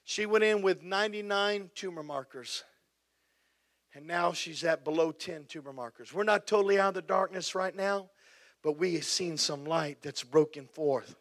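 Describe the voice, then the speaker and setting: Male pastor, middle-aged, high voice, repetitive fervent preaching. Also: moderate pace, a bit bright. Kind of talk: sermon with prayer.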